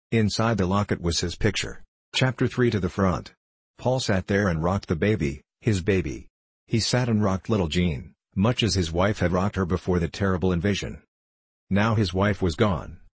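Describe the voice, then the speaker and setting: A man narrating a storybook in a steady, solemn reading manner. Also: low-pitched, slightly rough, no room sound.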